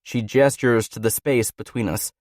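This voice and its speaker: A man's voice: medium pitch, steady tone, moderate pace, darkish tone, dry recording, clean studio sound. A man reading a first-person romance audiobook in a brooding, intense manner. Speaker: audiobook narrator. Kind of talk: scripted first-person narration.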